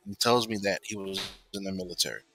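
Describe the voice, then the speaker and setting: A man casually telling a personal story, rambling and filling pauses with "you know.". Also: deep voice, creaky, sharp tone, soft background music, poor audio.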